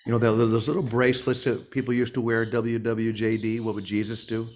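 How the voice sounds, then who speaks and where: A man's voice: mid-range voice, level tone, brisk, a little mellow. A man leading a morning spiritual session in a playful, humorous way, calling on listeners by name. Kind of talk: informal sermon.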